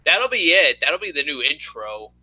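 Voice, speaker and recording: Male co-host, rambling storyteller; high-ish, bright, very expressive pitch. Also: normal speed, no room sound, low-quality recording. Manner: rambling, animated storytelling with many restarts. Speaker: podcast co-host. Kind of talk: casual chat.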